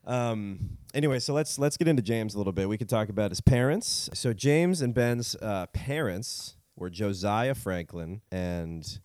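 A man's voice: lowish voice, moderate pace, hardly any pauses, no room sound, clean studio sound. A man co-hosting a podcast, chatting casually and telling history stories with jokes and laughs. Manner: joking, animated storytelling with laughs. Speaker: podcast co-host. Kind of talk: casual comedic history chat.

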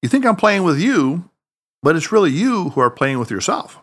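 A man's voice: fairly high pitch, moderate pace. A man doing a mischievous old martial arts sage. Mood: teasing. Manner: teasing, then soothing and calm. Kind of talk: audiobook character voice.

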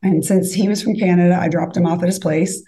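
Gravelly low-voiced woman telling a story. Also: fast, poor audio. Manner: animated, acts out quoted lines. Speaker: guest storyteller. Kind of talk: casual storytelling.

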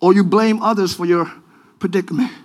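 A man preaching a sermon, shouting call-and-response to his congregation in a church. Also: high voice, fairly even intonation, fairly quick. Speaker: pastor. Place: large church. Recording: live church recording with music and congregation.

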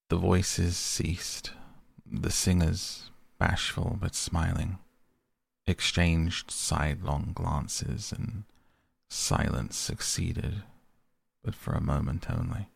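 A man reading a storybook aloud in a slow, measured narration. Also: low voice, fairly even intonation, vocal fry, slightly rough, no echo.

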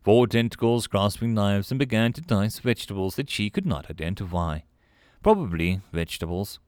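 A man narrating sci-fi short stories in an expressive, animated audiobook style. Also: lowish voice, normal speed, no echo, studio quality.

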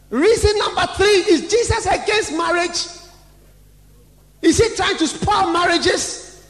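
A male preacher delivering a sermon, mocking and shouting as he acts out his congregants. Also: very high-pitched, slow pace, long pauses. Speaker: pastor. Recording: echoey church hall, long reverb.

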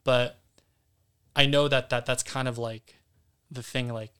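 Smooth-voiced man talking candidly. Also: mid-range voice, fairly even intonation, unhurried, bright, forceful tone. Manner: candid, casually profane. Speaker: guest actor. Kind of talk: casual podcast interview.

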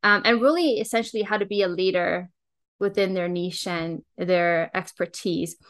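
A woman's voice: lowish voice, moderate pace. A woman hosting her podcast, enthusiastic and chatty as she introduces and questions her guest. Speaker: podcast host. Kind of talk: casual podcast interview.

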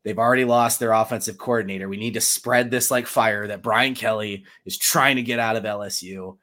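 A sports podcast host talks in a low, easygoing voice. He is chatty and jokes around, laughing often between plugs and banter. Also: fairly even intonation, fairly quick, bright, forceful tone. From Michigan. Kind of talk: casual sports podcast chat.

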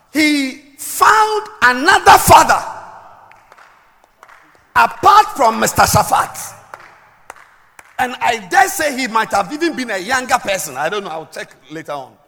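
A middle-aged woman delivers a sermon in a lively, very high voice that rises and falls widely. She lands her points with loud, shouted emphasis, then sinks into low, confiding asides. The sound carries a long echo from a large hall. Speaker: preacher. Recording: echoey hall with long reverb.

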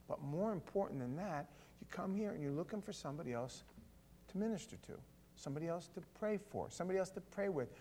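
A man pastor giving a conversational sermon with stammering restarts, swelling into loud fervor. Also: fairly high pitch, creaky, a little hiss or hum.

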